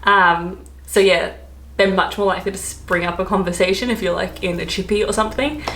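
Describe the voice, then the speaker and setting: A woman's voice: medium pitch, steady tone, fairly quick, a bit bright. An Australian woman vlogging in casual chat, rambling with lots of fillers and asides. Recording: echoey room.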